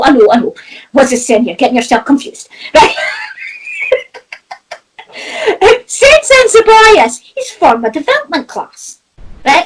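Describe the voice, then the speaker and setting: A Scottish woman with a high, bouncing voice that swings up and down freely. She talks in an animated, chatty way as a spiritual medium, with frequent laughter. Casual conversation. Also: rough recording. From Scotland. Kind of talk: casual chat.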